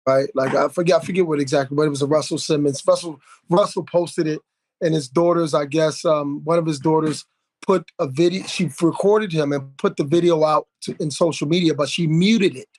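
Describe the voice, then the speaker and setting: A man with a fairly high voice telling a story animatedly on a podcast. He sounds indignant, with restless rhythm and many restarts as he works through his point. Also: fairly quick, a little mellow. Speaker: podcast conversation partner. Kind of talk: casual podcast conversation.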